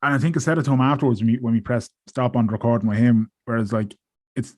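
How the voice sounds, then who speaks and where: A man's voice: mid-range voice, fairly even intonation, quick pace, darkish tone. A man co-hosting a podcast, talking in a chatty, frank way. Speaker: podcast co-host. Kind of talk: casual podcast conversation.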